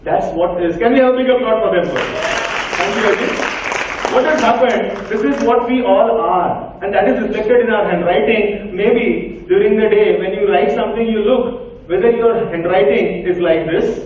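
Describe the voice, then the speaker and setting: A man's voice: high voice, moderate pace, a faint crowd, a little hiss or hum. A man with an Indian English accent giving an interactive workshop talk, directing volunteers with short commands. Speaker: workshop speaker. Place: large hall with an audience. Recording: echoey hall, far from mic, tinny.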